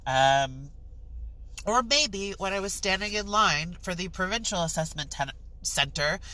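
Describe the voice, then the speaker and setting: A young woman rants to the camera in her vlog. She is exasperated and swears freely. Her voice sits low and drawls slowly, with a bright, tense edge. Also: animated, low-quality recording. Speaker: vlogger. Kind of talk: ranting storytime vlog.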